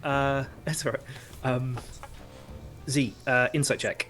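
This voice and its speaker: A man narrating as game master of a tabletop game, who pauses often as he searches for the words to describe each scene. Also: medium pitch, fairly even intonation, a bit bright, soft background music.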